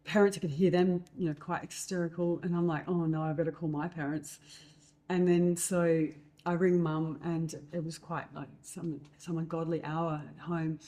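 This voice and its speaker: A woman telling stories in a casual chat, lively and acting out other people's lines. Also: moderate pace. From Australia. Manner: animated storyteller, acts out quotes in a higher voice. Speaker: host.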